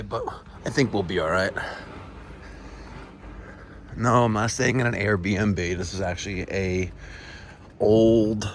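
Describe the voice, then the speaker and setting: A middle-aged man speaks slowly in a fairly low, fairly even voice, pausing often, while walking around a resort with pools. Chatty and addressing viewers as folks, he occasionally drops to a whisper, with background noise audible.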